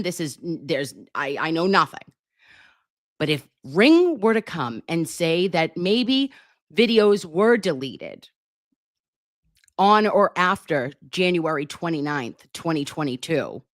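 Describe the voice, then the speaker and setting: A woman's voice: on the low side, dry recording, clean studio sound. A woman hosting a casual trial recap, emphatic and profane as she talks. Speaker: commentary host.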